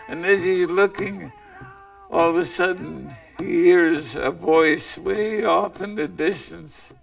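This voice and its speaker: A man telling an old legend aloud, unhurried and plain-spoken. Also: fairly high pitch, steady tone, vocal fry, soft background music. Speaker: storyteller. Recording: voice distant from the mic.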